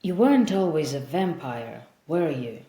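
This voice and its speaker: A woman's voice: low-pitched, sing-song, measured pace, mellow. A woman voicing a nervous young male interviewer who asks eager, hesitant questions. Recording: roomy echo.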